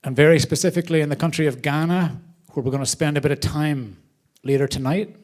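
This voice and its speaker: A man hosting a charity event, speaking to a live audience from a theater stage in a lively, storytelling way. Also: a little high, fast talker. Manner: animated storyteller, varied loudness. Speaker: charity host.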